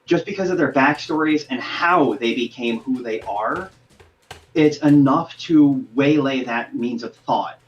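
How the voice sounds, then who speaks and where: A man's voice: medium pitch, unhurried, dull audio, slight background noise. A man who is a voice actor and game master, explaining his craft earnestly in a podcast interview.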